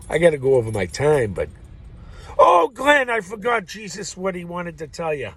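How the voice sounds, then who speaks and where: A man in his fifties from the United States, talking straight to his viewers in an agitated, racing, rambling monologue full of swearing and sudden shouting. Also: mid-range voice, a little hiss or hum. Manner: excitable, profane, rambling with frequent bursts of shouting. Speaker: vlogger addressing viewers. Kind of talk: rambling direct-to-camera monologue.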